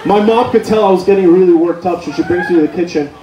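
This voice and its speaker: A male comedian telling an animated, profane story on a comedy club stage. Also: high-pitched, fast talker, soft background music. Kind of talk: stand-up storytelling. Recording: roomy club, distant mic, crowd noise.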